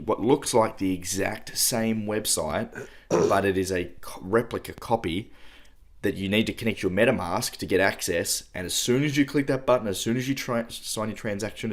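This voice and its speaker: A man co-hosting a podcast, explaining things in a steady, casual way with frequent fillers. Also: fairly low pitch. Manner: explanatory, steady, uses fillers like "you know". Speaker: podcast co-host. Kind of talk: casual chat.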